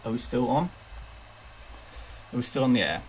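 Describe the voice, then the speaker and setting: A young man hosts a fantasy football live stream, chatting upbeat and reading viewer messages aloud, full of fillers and restarts. His mid-range voice is animated at a normal speed. The audio is poor, with slight background noise.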